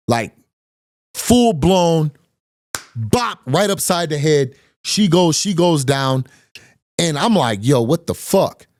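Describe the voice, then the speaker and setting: A man in his thirties casually telling a personal story on a podcast, animated, quoting others and repeating phrases as he goes. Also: a little high, dry recording, clean studio sound.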